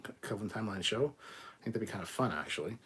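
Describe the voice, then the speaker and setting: A man with a husky, somewhat low voice hosts a relaxed live show. He reads out viewer comments one after another and answers each with blunt, swearing asides. His delivery is loose and off the cuff. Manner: blunt and profane, with quick asides. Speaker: livestream host. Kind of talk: casual live chat, reading viewer comments aloud.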